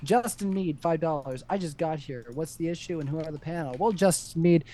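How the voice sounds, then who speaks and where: A man's voice: fairly high pitch, a little fast, dark tone, a little hiss or hum. A man moderating a live stream, reading out paid chat messages on a close mic and laughing often. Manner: reads donations aloud, laughs often, chipper. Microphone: close desk mic.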